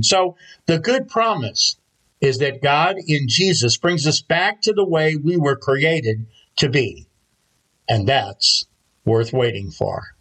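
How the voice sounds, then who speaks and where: A man preaching a sermon in a measured, storytelling manner. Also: on the high side, a bit bright, slightly rough, poor audio. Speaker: pastor.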